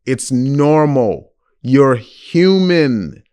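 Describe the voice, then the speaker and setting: On a laid-back advice podcast, a male host with a smooth, mid-range voice draws out his words. He replies to a listener's letter in a blunt, frank and lively way.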